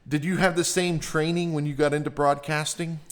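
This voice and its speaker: A man's voice: a little high, brisk. A middle-aged man hosting a radio interview, chatting casually and acting out quotes as he tells stories. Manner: animated storyteller, acts out quotes. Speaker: radio show host.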